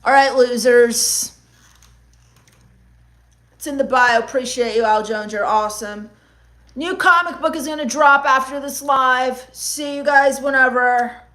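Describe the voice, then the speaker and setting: A woman comedian on a livestream, reading chat comments aloud and answering them with deadpan, mock-gloomy dark humor. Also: high-pitched, a little slow.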